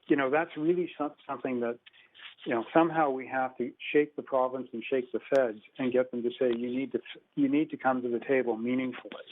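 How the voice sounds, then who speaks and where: A man speaking at a council meeting, measured and hesitant, with frequent restarts. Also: medium pitch, steady tone. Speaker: speaker answering council questions. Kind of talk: public comment at a council meeting. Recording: tinny phone line with faint noise.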